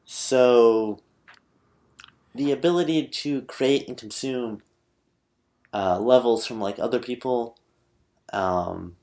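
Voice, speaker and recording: A tipsy man hosting a casual podcast, talking haltingly with many pauses and fillers. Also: medium pitch, a little mellow. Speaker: podcast host.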